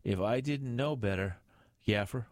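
A man's voice: lowish voice, measured pace, no room sound, studio quality, natural voice. A man voicing a cheeky younger male police sergeant who teases his boss. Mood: teasing. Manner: teasing and jokey. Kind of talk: audiobook character voice.

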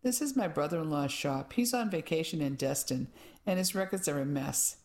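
A woman's voice: low-pitched, animated, moderate pace, a little mellow. A woman reading an audiobook, voicing a short, tattooed man working as a salesman. He talks in a chummy sales patter. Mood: eager.

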